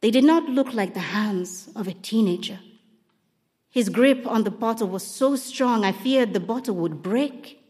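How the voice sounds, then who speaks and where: A woman reading a novel aloud in a measured, dramatic storytelling manner. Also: medium pitch, a little mellow, in a large hall. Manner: measured, dramatic storytelling, voicing characters lightly. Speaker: narrator. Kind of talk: scripted audiobook narration.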